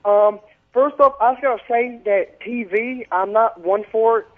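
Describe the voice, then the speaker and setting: A man calling a radio show, speaking hesitantly and haltingly over a phone line. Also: very high-pitched. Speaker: caller.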